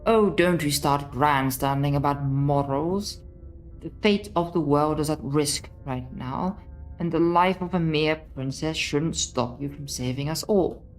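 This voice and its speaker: A woman's voice: low voice, measured pace, soft background music, poor audio. A woman voicing a stern narrator who commands the listener to slay a princess. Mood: commanding. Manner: commanding, insistent. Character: stern female narrator urging a princess slaying. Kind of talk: reading a game aloud.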